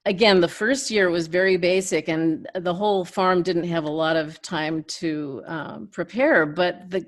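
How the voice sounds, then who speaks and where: A woman's voice: fairly low pitch, fairly even intonation, a little slow. An older woman, a guest in an interview, telling chatty stories with frequent laughs. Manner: chatty, laughs between anecdotes. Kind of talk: casual interview storytelling.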